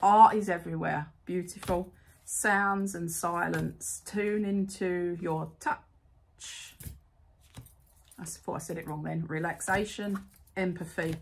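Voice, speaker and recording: A woman's voice: lowish voice, steady tone, takes it slowly, gravelly, a little hiss or hum. Chatty, gushing woman. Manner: chatty and gushing, says "proper cute". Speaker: unboxing vlogger. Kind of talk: casual unboxing chat.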